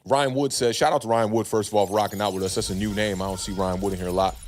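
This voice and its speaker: A man's voice: on the low side, fairly even intonation, racing, slight background noise. Laid-back man hosting a live stream. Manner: laid-back, hedging, many fillers, greets chatters by name. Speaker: podcast host reading live chat. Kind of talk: casual livestream sports chat.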